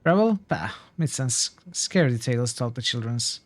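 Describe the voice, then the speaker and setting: A man's voice: medium pitch, expressive, moderate pace, no room sound, natural voice. A man reading as a fretful old superstitious woman. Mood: fearful. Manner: archaic folksy speech, fretful warnings. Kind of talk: reading game dialogue aloud.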